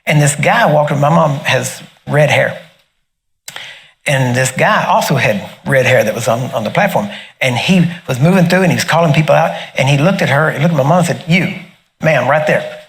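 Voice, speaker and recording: A middle-aged man telling a personal testimony in a casual, animated way, often laughing and acting out the other people in the story. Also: medium pitch, moderate pace. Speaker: minister sharing a testimony.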